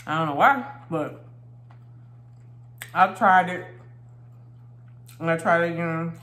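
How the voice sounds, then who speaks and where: A woman's voice: on the low side, slow pace, a bit bright, reverberant. A married woman chatting casually while eating for a mukbang video, laughing often and recording on her phone indoors. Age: adult, married. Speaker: vlogger.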